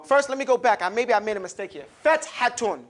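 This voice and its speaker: A man's voice: sits high, very fast. A man teaching an Arabic alphabet class, explaining and drilling syllables emphatically for students to repeat in a classroom.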